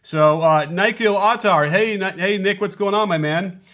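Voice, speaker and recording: A somewhat high-voiced man breaks down a basketball game live from his home. He rambles and thinks aloud, restarting sentences and scattering ums as he talks through plays and greets viewers in a casual stream. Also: moderate pace, fairly bright tone. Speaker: basketball analyst hosting a live post-game show. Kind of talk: live-stream post-game analysis, reading viewer super chats. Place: home setup in Los Angeles.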